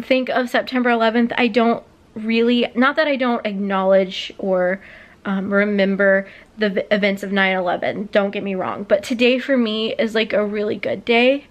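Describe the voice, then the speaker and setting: A woman in her late twenties telling a personal story on her vlog, rambling with many fillers and close to tears. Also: medium pitch. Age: late 20s. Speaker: vlogger.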